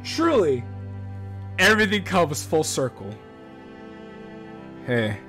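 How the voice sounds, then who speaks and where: A man streaming a game, reading the story aloud and breaking off into excitable, slangy reactions, with faint game music playing. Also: fairly high pitch, slow pace. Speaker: gaming streamer. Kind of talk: reading a visual novel aloud with live reactions.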